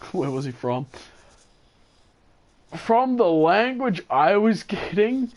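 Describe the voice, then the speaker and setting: Speaking very slowly in a high, darkish voice with big swings in pitch, a male gaming channel host from New Zealand recounts a gaming story casually and ramblingly, chuckling and self-correcting as he goes.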